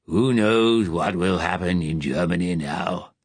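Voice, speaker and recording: Figure: aged male wartime leader, gruff and weary, put on by a male narrator. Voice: very deep growl with a lisp, slow and grave, a little husky. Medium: audiobook. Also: no echo, full character voice. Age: older.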